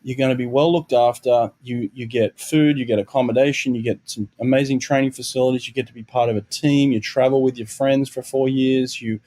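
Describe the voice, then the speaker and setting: A man's voice: medium pitch, fairly even intonation, a little fast, few pauses, mellow. A middle-aged Australian man, a swim coach and guest, speaks candidly and reflectively in a podcast interview, restarting phrases and adding "you know".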